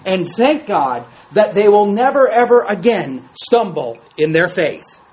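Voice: mid-range voice, big pitch swings, a little slow, darkish tone, slight background noise, poor audio. A Bible study teacher reading scripture aloud to a class and commenting on it in a conversational way, asking the group questions.

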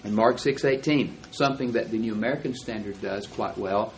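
A man teaching a Bible class, explaining verses and reading them out slowly and deliberately. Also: on the low side, a little hiss or hum, poor audio.

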